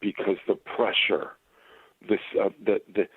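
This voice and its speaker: Caller: deep, upbeat man from Michigan, pep-talk delivery, tinny phone line. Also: flat delivery, a little slow, breathy edge, no echo. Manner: upbeat, motivational catchphrases. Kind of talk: call-in sports radio chat.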